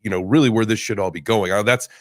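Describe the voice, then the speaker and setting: A man's voice: on the low side, fast talker, dry recording, studio quality. A man hosting a podcast, talking loosely with lots of fillers and the odd swear word. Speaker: podcast host. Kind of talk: casual podcast conversation.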